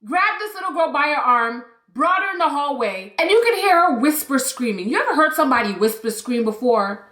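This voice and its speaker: A young adult woman telling a personal story in a chatty, animated vlog style, acting out the quotes. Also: high-pitched, brisk, hardly any pauses, reverberant. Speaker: YouTuber.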